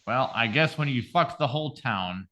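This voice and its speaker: A man's voice: medium pitch, animated, moderate pace, pushed and bright. A man co-hosting a comedy podcast, joking crudely and laughing often as he reads out a story. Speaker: podcast co-host. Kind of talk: casual comedy podcast banter.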